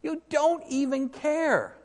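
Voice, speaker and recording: A man's voice: very high voice, sing-song, slow, darkish tone, big-room sound, pitched above the performer's own voice, full character voice. A man voicing a sly, scheming male ape from a storybook, pleading and guilt-tripping in a whiny, overly sweet way. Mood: whining.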